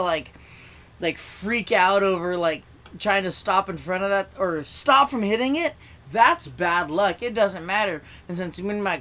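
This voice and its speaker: Rambling young man on a video call. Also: high-pitched. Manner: rambling, self-interrupting, lots of "like"; acts out quoted voices, shouting and whispering. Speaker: stand-up comedian. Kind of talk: stand-up set at an online open mic.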